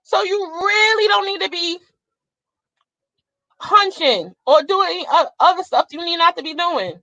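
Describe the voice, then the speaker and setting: A woman's voice: very high-pitched, moderate pace, bright, forceful tone, no echo, poor audio. A young adult woman vlogger in a blunt, profane, fiery casual rant to her viewers. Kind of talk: casual ranting monologue.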